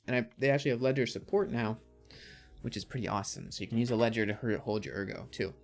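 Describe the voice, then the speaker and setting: A man hosting a casual crypto livestream, chatting and reading out viewer comments and answering them. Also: medium pitch. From Canada.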